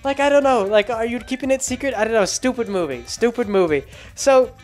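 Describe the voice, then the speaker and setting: A man's voice: very high-pitched, expressive, fairly quick, soft background music. A man rambling sarcastically through a casual movie recap, full of fillers and restarts. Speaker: vlogger.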